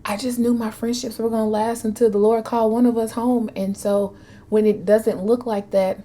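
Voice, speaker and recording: A woman, earnestly sharing personal feelings to camera and often dropping to a soft whisper. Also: fairly high pitch, level tone, moderate pace. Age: 30s. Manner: earnest, emotional, addresses viewers as y'all, drops to soft whispers. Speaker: vlogger. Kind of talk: heartfelt personal talk to camera.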